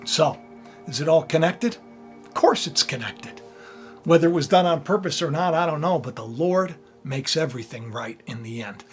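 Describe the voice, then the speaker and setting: A man with a worn, hoarse voice preaches scripture straight to his viewers. He drops to a near-murmur, then rises to loud, fervent bursts. Faint music plays underneath. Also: a little high, moderate pace. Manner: swings from quiet intimacy to loud fervor. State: hoarse, tired voice. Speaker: online preacher, channel host. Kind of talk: impassioned scripture preaching to camera.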